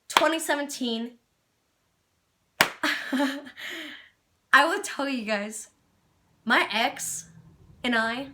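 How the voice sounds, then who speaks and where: Bright, slow-talking young woman vlogger. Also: fairly high pitch, gravelly. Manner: earnest, rambling, with laughs and tearful stretches. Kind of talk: emotional personal vlog.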